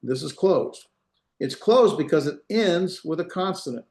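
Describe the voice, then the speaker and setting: Over a video call from a reverberant room, a male Hebrew instructor gives an online lecture in a fairly high, animated, slightly mellow voice, speaking a little slowly. He patiently walks students through each step and repeats words so they can hear them clearly.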